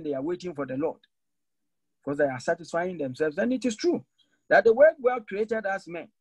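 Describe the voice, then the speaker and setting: A man preaching a sermon to a church congregation, swinging between raised, pointed lines and sudden low, emphatic drops. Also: husky, no echo, poor audio. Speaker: Methodist preacher.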